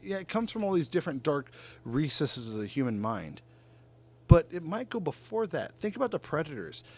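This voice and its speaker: A man's voice: on the high side, moderate pace. A man hosting a casual podcast chat who swears freely, laughs a lot and tells stories with energy. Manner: profane, laughs often, animated storyteller. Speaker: podcast host. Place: northern California.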